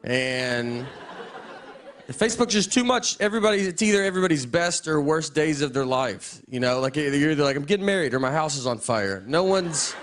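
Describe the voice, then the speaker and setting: A man performing a stand-up set in a deadpan, meandering way with frequent restarts. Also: fairly high pitch, normal speed. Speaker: stand-up comedian. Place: live comedy stage before an audience. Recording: live set with audience laughter. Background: crowd laughter.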